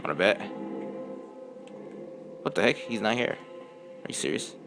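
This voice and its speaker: Animated and unhurried, a young man with a fairly low voice and vocal fry comments on the horror game he's playing, music in the background. He's jumpy, yelping and screaming at scares, muttering to himself in between.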